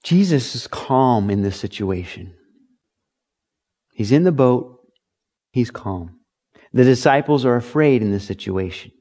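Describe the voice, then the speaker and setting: A man's voice: mid-range voice, a little slow, long pauses. A middle-aged man preaching a sermon, telling Bible stories and briefly acting out the voices of the people in them. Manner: animated preaching, acts out voices in quotes. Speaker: pastor.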